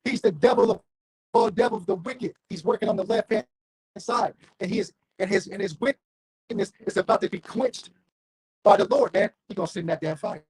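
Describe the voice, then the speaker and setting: A man's voice: high-pitched, very animated, moderate pace, a little mellow, breathy edge, dry recording. A man giving a fiery, confrontational street sermon, reading scripture aloud and calling on listeners. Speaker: street preacher.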